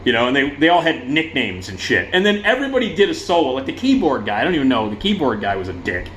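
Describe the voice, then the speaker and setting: A man giving a casual vlog rant, profane and sarcastic, in an animated ranting manner. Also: medium pitch, fast, a little hiss or hum. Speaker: vlogger.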